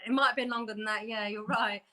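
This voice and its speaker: Bright, high-voiced woman guest. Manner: lively and chatty, quick laughs. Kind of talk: casual chat on a video call. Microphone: video call.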